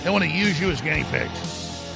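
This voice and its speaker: A middle-aged man hosting a talk show, delivering an aggressive, shouting rant in a raspy voice. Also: on the high side, normal speed, over loud music. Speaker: radio talk show host. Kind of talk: ranting talk-show monologue.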